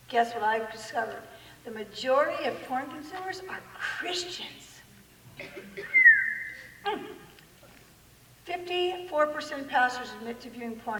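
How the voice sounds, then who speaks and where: High-voiced woman, lively talk in echoey hall. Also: recorded from a distance. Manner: lively, laughing, quotes people in acted voices. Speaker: speaker giving a talk. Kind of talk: animated public talk.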